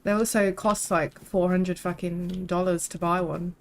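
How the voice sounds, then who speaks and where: A woman's voice: fairly low pitch, little pitch movement, measured pace, a little hiss or hum, low-quality recording. A young woman, chatting casually and rambling while live-streaming a game, swearing freely.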